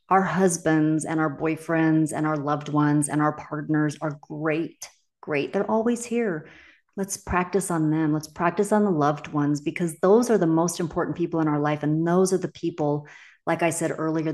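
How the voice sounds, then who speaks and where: A middle-aged woman coach hosts a casual solo podcast in a deep, slightly mellow voice at a moderate pace. She's candid and emphatic and swears freely.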